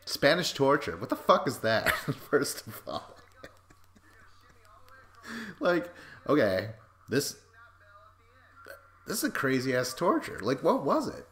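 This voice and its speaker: A man's voice: mid-range voice, wildly swooping pitch, slow pace, pauses often, a bit bright. A man hosting a podcast, giving casual, sarcastic commentary over a video and swearing freely. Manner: sarcastic, profane, frequent laughs.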